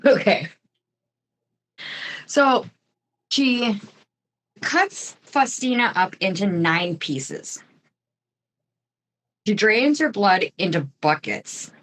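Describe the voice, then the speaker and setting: Woman, podcast co-host, casual true-crime storytelling, slow pace, chatty asides. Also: mid-range voice, animated, fairly bright tone. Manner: chatty, with asides and mild swearing.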